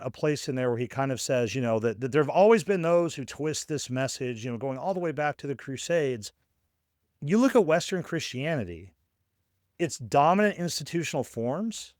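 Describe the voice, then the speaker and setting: A man's voice: fairly high pitch, a little mellow, no room sound, studio quality. A man co-hosting a podcast as a scholar of religion, thinking aloud in a casual discussion with frequent "right?" tag questions. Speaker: podcast co-host.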